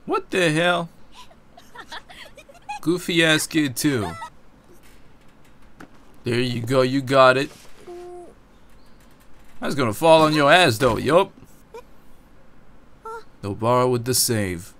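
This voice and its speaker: Excitable man reacting with slow drawl. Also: medium pitch, slight background noise. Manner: excitable exclamations and casual slang. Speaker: anime reaction creator. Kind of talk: live reaction commentary.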